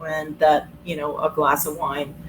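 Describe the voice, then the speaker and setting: A woman's voice: sits low, level tone, unhurried, a little hiss or hum, poor audio. A woman doctor hosting a webinar in casual talk, easygoing, with many fillers and restarts. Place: video call.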